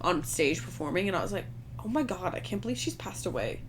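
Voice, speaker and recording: A woman's voice: on the low side, lively intonation, fast talker, a little hiss or hum. A woman co-hosting a podcast, chatting casually, telling stories and swearing freely. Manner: swearing, storytelling with quoted voices. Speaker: podcast co-host. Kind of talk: casual chat.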